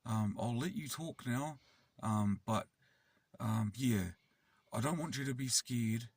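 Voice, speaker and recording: A man's voice: mid-range voice, slow, husky, voice pushed up. A man doing a bossy six-year-old boy. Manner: threatening, then condescending.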